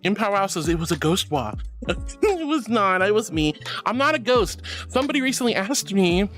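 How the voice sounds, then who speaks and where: A woman's voice: mid-range voice, big pitch swings, fairly quick, fairly bright tone, faint music behind. A woman streaming as a VTuber, reading chat aloud with a playful, affectionate manner and frequent laughs. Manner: affectionate, calls viewers darling.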